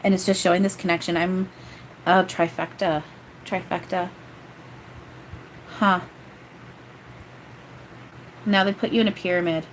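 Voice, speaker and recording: A woman's voice: on the low side, steady tone, unhurried, long pauses, a little hiss or hum. Giggly chatty woman medium. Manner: chatty, giggly, rambling with frequent laughs. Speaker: psychic medium. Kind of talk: casual livestream channeling reading.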